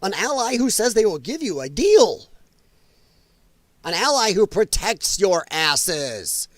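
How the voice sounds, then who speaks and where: A man talks off the cuff on his livestream, swearing freely, laughing a lot and reacting to his chat. His voice sits high and swings widely in pitch. The sound is close and dry. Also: very animated, slow pace, no echo. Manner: loose, profane, laughing, reading chat comments. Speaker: livestream host. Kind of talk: casual political livestream chat.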